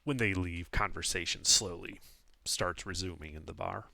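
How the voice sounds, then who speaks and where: A man narrating a tabletop game as game master in a relaxed, descriptive way. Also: sits low, normal speed, gravelly, no room sound, clean studio sound.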